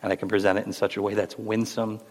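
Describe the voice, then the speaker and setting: A man's voice: on the low side, level tone, fast talker. A man hosting a Christian talk show, speaking earnestly and encouragingly in a preacherly way. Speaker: host. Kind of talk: faith discussion on a Christian podcast. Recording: roomy with long reverb.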